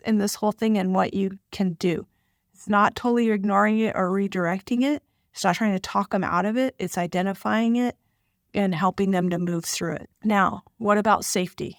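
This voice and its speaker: A woman's voice: medium pitch, no room sound, studio quality. A middle-aged woman talking casually to parents with advice, often acting out short lines a parent or child might say. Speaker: parenting podcast host and child therapist.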